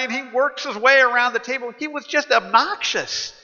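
A male pastor tells stories in a casual, conversational sermon packed with fillers. His voice is extremely high, brisk, pushed and bright, with hardly any pauses. The sound is muffled and echoes through a large hall.

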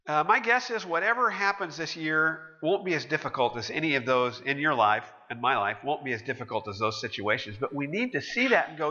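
A man's voice: on the high side, brisk, hardly any pauses. A man preaching a sermon, telling stories with animation and acting out the voices of the people in them. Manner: animated storytelling, acting out quoted characters. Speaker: pastor. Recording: muffled, with long hall reverb.

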